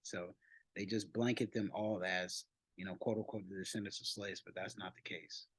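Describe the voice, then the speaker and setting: Low-voiced man reading an article aloud. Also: steady tone, fairly bright tone, slightly rough, no echo, rough recording. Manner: unhurried, with frequent restarts and fillers. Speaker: channel host.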